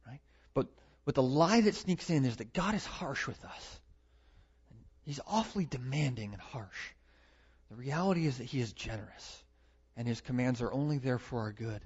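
A man preaching a sermon, emphatic, building to loud stresses and repeating his words. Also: medium pitch, animated, moderate pace, breathy edge. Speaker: pastor. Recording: dull lo-fi recording.

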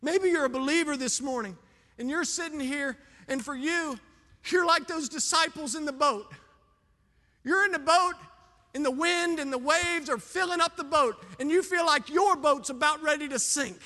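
A male pastor preaching in a church with a high, bright, forceful voice that carries through a long, echoing hall. He drops to a soft plea one moment and rises to fervent, loud preaching the next, sometimes running short of breath. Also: normal speed. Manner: swings from hushed pleading to loud fervent preaching. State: out of breath at times. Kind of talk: sermon. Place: church sanctuary with congregation.

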